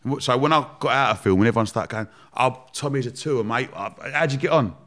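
A man at an everyday pitch, telling his story in easy podcast chat. He talks in an animated way, breaks into laughter often and swears without a second thought. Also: fast talker. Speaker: podcast guest, entrepreneur.

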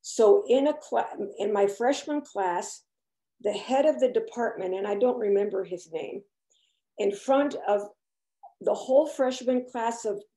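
An older woman with a light Spanish accent telling a group about her own experiences, halting and nervous, with many restarts. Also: on the high side, warm tone. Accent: Spanish-accented English. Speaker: church discussion speaker. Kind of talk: personal testimony to a group. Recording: echoey room.

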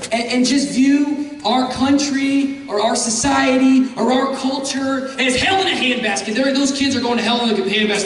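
A man preaching a guest sermon with passion, repeating phrases for emphasis and building up to shouts. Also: very high voice, animated, unhurried. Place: church sanctuary. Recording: echoey church hall from far off.

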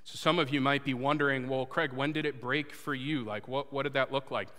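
A man's voice: medium pitch, fairly even intonation, fairly quick. Earnest male pastor in a reverberant church. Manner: earnest, swings between loud urging and hushed confession. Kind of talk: sermon with personal story. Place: church sanctuary before a congregation. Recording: long hall reverb.

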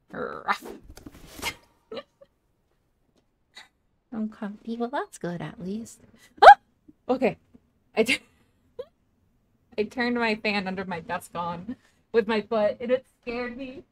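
A woman's voice: on the high side, slow pace, pauses often, background noise. A woman streaming a game from her home desk, chatting casually in a playful, giggly way and often apologizing to her chat.

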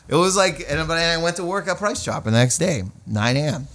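A male comedian casually telling a profane, animated story as a guest, acting out the other people's lines. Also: a little high, brisk, few pauses, slight background noise.

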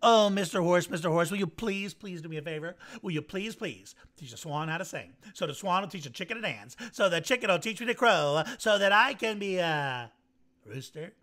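A man's voice: high voice, animated, a little fast, a bit bright. A man voicing an eager young male duck who begs the other farm animals for help so he can become a rooster. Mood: pleading. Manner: eager and begging.

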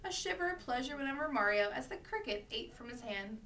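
A woman reading a children's storybook aloud with steady, expressive narration. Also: high voice, brisk, distant mic, slight background noise. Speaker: reader.

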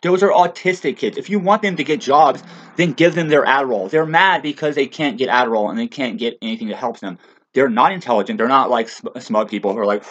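A man in a rambling, profane monologue rant, stammering and restarting, with heated loud outbursts. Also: medium pitch, brisk. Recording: dull lo-fi recording.

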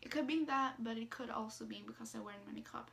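A woman from Sweden with a Swedish accent, telling a story to her phone camera in a halting way, full of ums and likes. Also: fairly high pitch, creaky, fairly bright tone. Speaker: vlogger.

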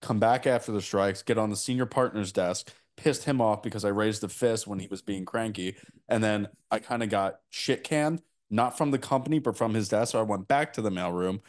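Blunt, low-voiced podcast host. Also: male voice, fairly quick. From New Jersey. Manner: blunt, profane storyteller. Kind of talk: casual podcast chat.

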